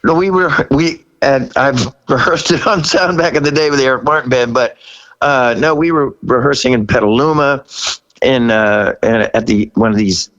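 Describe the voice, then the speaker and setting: In a muffled recording, a man in his sixties, a guest rock singer, spins a story during a relaxed interview at a moderate pace. His tone is fairly bright, he laughs a lot, and his voice jumps high when he repeats his own words.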